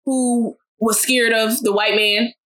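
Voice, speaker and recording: Bright-voiced, blunt young woman from West Africa. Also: a little high, slow. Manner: blunt, profane, animated storyteller. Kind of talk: casual chat, storytelling.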